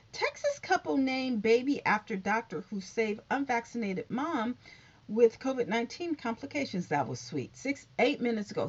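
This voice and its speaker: A chatty woman with a lively, husky voice hosts a YouTube covid news channel, reading headlines aloud and tossing in casual asides for her viewers. The recording has a dull, lo-fi sound.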